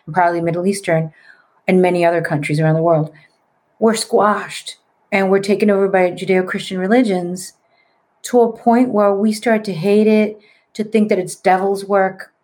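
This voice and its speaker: A woman in her late forties, a psychic medium, telling her story in a casual, animated way and mixing in Spanish words. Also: medium pitch. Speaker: podcast guest, psychic medium.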